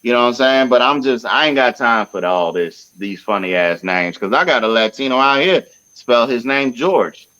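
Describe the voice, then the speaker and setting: A man co-hosting a podcast in casual chat, ranting loosely in slang and spelling words out slowly. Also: mid-range voice, animated, bright, forceful tone, muffled recording. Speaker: podcast co-host.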